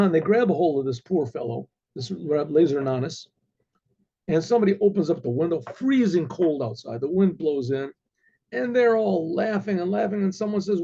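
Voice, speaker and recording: A man, a rabbi, telling a story in a halting, repetitive way full of asides. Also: high-pitched, expressive, gravelly, mellow, husky, dull audio. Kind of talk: oral storytelling.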